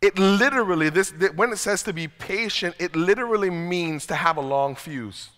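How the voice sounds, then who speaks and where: A man delivers a sermon from the pulpit, his voice bright and a little higher than most. He talks conversationally and pokes fun at himself, often stumbling over repeated words before a sentence gets going. The sound carries a long reverb from the church hall. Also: normal speed. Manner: conversational, self-deprecating, repeats words when starting sentences. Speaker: pastor. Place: church sanctuary.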